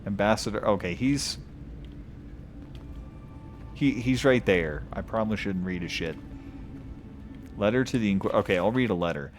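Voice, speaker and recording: A man's voice: fairly low pitch, normal speed, pauses often, a little hiss or hum. A man streaming a video game, reading lore aloud in a casual way, stumbling over odd names and chuckling.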